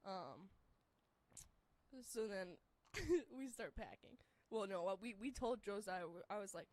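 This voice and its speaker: A young woman telling a story in casual chat, rambling with many fillers and turning shrill and laughing when excited. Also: measured pace, no room sound.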